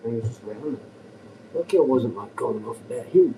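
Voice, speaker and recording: An Australian man rants on a livestream, rambling and swearing freely. His voice is deep-toned and very mellow, sitting at an ordinary pitch. Faint noise hums underneath. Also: lively intonation, fairly quick, vocal fry, distant mic, low-quality recording. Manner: profane, agitated, rambling with bursts of laughter.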